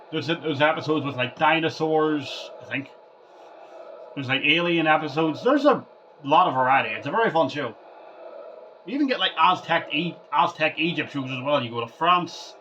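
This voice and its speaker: A man's voice: fairly high pitch, bright, forceful tone, dull audio, a little hiss or hum. A man vlogging over gameplay in a rambling casual way, often stumbling and repeating words. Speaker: gaming vlogger.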